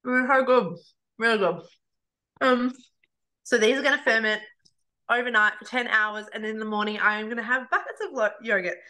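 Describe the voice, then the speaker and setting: Bright bubbly woman presenter. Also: on the high side, fairly even intonation, fairly quick. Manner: bubbly, rambling, casual. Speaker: cooking class presenter. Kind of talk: live online cooking demo.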